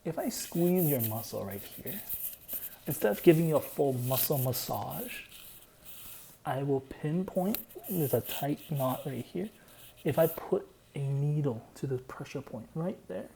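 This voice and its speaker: A man's voice: on the high side, animated, a little slow, vocal fry, mellow, slight background noise, poor audio. A young man casually explaining his own song in a loose, rambling way, full of "like" fillers.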